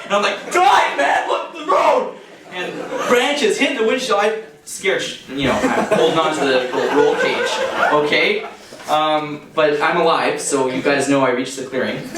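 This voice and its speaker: A man's voice: mid-range voice, fairly bright tone, far from the mic, slight background noise. Chatty young man telling a story. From Canada. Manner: casual and chatty, lots of fillers, laughs through his own story. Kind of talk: live personal storytelling to an audience. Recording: echoey room, heard from off the mic.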